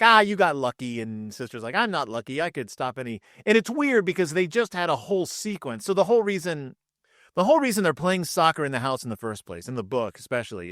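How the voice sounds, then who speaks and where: Animated man retelling cartoon plots. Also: medium pitch, dry recording, studio quality. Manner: chatty and animated, retells scenes with quick character voices. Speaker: podcast host reviewing cartoon episodes. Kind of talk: casual solo commentary. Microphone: microphone with camera.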